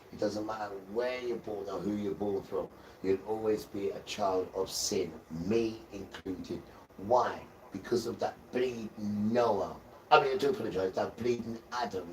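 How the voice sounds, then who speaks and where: A man's voice: low-pitched, a little mellow, distant mic. A man giving a rambling, preachy religious talk on a live stream and calling his viewers guys. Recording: roomy sound from away from the mic, faint noise.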